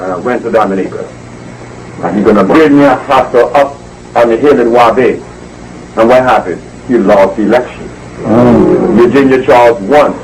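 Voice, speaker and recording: A man's voice: mid-range voice, very animated, normal speed, long pauses, recorded from a distance, a little hiss or hum, rough recording. A man giving an emphatic, preachy lecture to a live audience, repeating words for force. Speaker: speaker addressing an audience. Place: indoor evening gathering.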